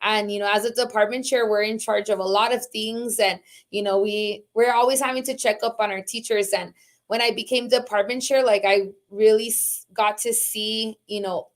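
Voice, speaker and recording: A woman in her thirties from Socorro, a high school teacher and department chair, talking casually on a video call with lots of fillers. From Socorro, Texas. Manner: chatty, many fillers like "like" and "um".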